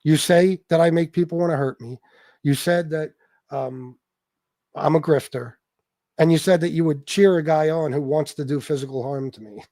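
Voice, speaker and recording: A man's voice: on the high side, normal speed, warm tone, no room sound. Blunt, profane man hosting a livestream. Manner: blunt and profane, reading out viewer names. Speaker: livestream host. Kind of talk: casual livestream chat.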